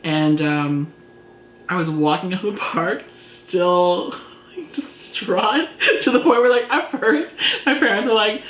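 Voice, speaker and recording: A woman hosting a casual chat, telling a story in an animated, giggly way. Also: fairly high pitch, moderate pace. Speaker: channel host. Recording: echoey room.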